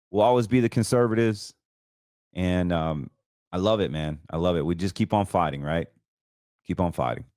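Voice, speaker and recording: A man's voice: low-pitched, a little mellow, dry recording, studio quality. A middle-aged man from North Carolina with a Southern American accent, hosting a casual monologue and ranting bluntly about his critics. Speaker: host.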